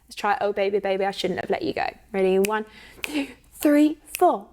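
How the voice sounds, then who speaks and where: A woman's voice: medium pitch, completely flat delivery, fast talker, darkish tone, slight background noise. A woman, teaching an online singing workshop in an encouraging way and checking in often with "okay?". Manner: counts in and sings demo phrases.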